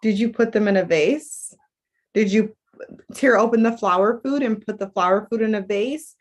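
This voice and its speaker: A woman's voice: medium pitch, normal speed. A woman coach talking casually to viewers in a rambling, chatty way, full of fillers and restarts. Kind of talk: casual livestream talk.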